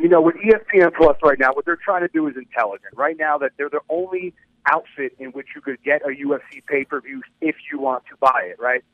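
Radio co-host guy, chill and chatty, voice a bit high, dry sound. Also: dry recording, muffled recording. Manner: conversational, weighs things out, easygoing. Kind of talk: radio talk show chat.

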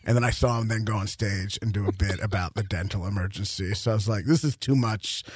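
A man's voice: on the low side, level tone, quick pace, background noise. A young man from Louisville, a comedian guest, chatting casually in a radio interview and rambling through stories with fillers and laughs. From Louisville, Kentucky.

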